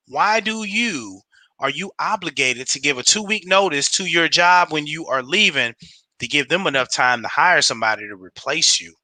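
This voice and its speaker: A man giving a casual, slangy pep talk on a livestream, animated and laughing often. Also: fairly high pitch, no room sound. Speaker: home business promoter on a livestream.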